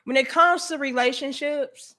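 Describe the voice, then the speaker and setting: High-pitched woman going off on her livestream, loud, cussing, preachy. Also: normal speed. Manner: emphatic, profane, preachy. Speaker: livestream host. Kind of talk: heated livestream rant.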